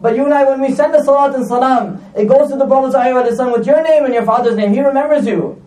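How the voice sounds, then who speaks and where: A man giving a sermon with lively storytelling, repeating phrases for emphasis. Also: very high-pitched, very fast. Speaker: preacher. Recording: echoey room, distant mic.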